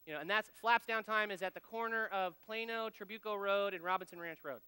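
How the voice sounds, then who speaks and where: Bright-voiced man preaching in a hall. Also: sits high, brisk, clean tone. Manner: storytelling, folksy, speaks directly to the audience. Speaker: speaker at a men's ministry gathering. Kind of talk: conversational sermon with personal anecdotes.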